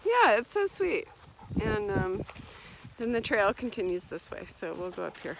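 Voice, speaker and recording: A woman's voice: mid-range voice, very animated, a little slow, vocal fry. A woman co-hosting a casual chat, talking in a bubbly way while walking a trail outside. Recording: outdoor walk with background noise.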